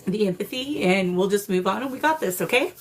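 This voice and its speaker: A woman hosting a live paranormal spirit session, coaxing the spirits and greeting her viewers in a warm, emotional way. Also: mid-range voice, animated, brisk, a little hiss or hum. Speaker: paranormal livestream host.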